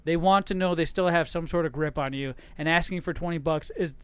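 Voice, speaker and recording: A man's voice: fairly high pitch, fairly quick, fairly bright tone, smooth, no echo. A middle-aged man hosting a podcast, telling stories in a profane, casual rant. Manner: profane storytelling. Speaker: podcast host. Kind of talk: casual ranting chat.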